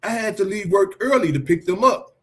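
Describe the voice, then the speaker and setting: A man's voice: high voice, brisk. A man reading the part of a frustrated wife who scolds her husband for forgetting the kids. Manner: reads the lines plainly, scripted.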